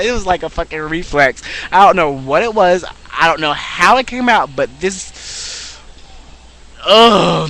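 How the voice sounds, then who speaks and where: A man's voice: sits high, pushed and bright. A young man telling a story in a sassy, dramatic and profane way, gossipy and over the top. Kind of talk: casual storytelling monologue.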